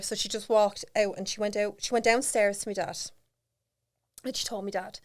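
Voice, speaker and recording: A woman's voice: mid-range voice, fairly quick. A woman in her thirties with an Irish accent, a podcast guest telling a personal story candidly and acting out the voices of people in it. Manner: animated, acts out quoted voices, laughs often. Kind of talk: candid storytelling in casual chat.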